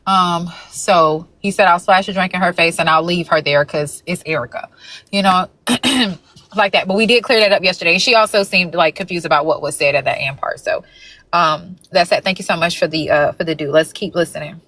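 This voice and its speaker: A woman's voice: fairly low pitch, a little fast, a bit bright, dry recording. A woman hosting a livestream, talking bluntly in casual commentary and correcting what was said. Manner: frank, blunt, corrects the record. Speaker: livestream host.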